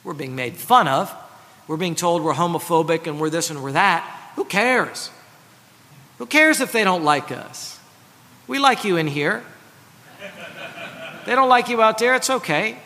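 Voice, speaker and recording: A pastor delivers an earnest sermon in a high, bright and forceful voice. The man drives his points home with emphatic, slowed stresses. His words ring out with a long reverb, as if in a large church hall. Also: lively intonation.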